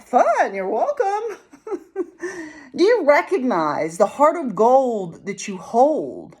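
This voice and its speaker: A woman hosting a spiritual self-love talk in an animated, playful way, laughing often between thoughts. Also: on the high side, husky. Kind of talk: casual spoken reflection.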